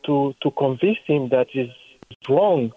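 A man from Congo with a French accent, calling in earnestly and haltingly with a question. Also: medium pitch, expressive, no room sound. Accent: French-speaking Congolese. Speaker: caller. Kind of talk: call-in question. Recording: tinny phone line.

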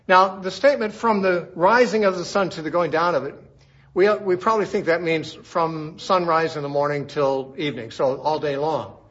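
A man's voice: fairly high pitch, a bit bright, breathy edge. A man teaching through a Bible passage verse by verse in a conversational way, asking rhetorical questions as he explains. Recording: dull lo-fi recording.

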